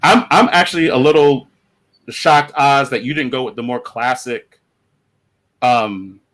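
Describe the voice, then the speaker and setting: A man's voice: medium pitch, unhurried, a bit bright. A man chatting on a comics podcast panel over an online call, rambling with lots of fillers and restarts. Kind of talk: casual panel discussion.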